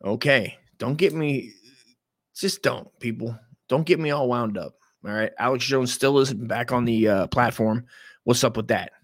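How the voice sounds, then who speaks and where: A man's voice: mid-range voice, measured pace, no echo. Profane rambling male podcast host, dry sound. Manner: rambling, profane, self-interrupting. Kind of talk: casual rant.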